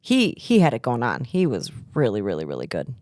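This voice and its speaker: A middle-aged woman from Minnesota co-hosting a travel podcast, telling stories in an animated casual chat. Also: rumbling low, fairly quick, no echo, studio quality. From Minnesota, USA. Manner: lively, animated storyteller.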